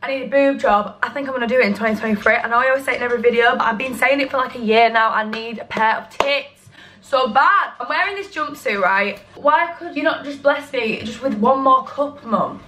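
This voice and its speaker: A woman's voice: on the high side, fairly quick, bright, forceful tone, a little hiss or hum. A young woman vlogging casually to camera, chatty, blunt and sweary, laughing easily. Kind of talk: casual vlog chat to camera.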